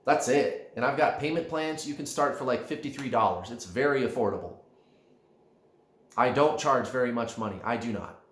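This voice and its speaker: A man giving a spiritual coaching talk straight to his viewers, emphatic and animated, often calling them guys. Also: medium pitch, normal speed, echoey room. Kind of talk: direct-to-camera coaching talk.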